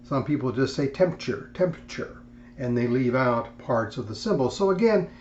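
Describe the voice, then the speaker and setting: A man giving a recorded lecture in a measured way, with frequent fillers and restarts. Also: medium pitch, animated, a little mellow, lo-fi sound, slight background noise. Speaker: instructor.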